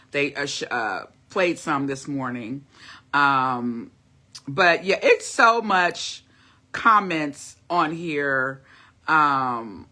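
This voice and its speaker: Middle-aged woman just rambling to her viewers on a livestream, bright voice, lots of y'all. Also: on the low side. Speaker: vlogger. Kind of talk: casual livestream chat.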